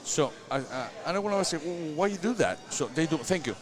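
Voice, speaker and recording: A man with a Spanish accent chats with a lot of swing in his pitch, joking and explaining in broken English. He is a cigar maker guest on a casual live show at a cigar shop, and his voice sits a little high for a man. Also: animated, a little fast, crowd noise. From Spain. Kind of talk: casual chat. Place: cigar shop event, indoors.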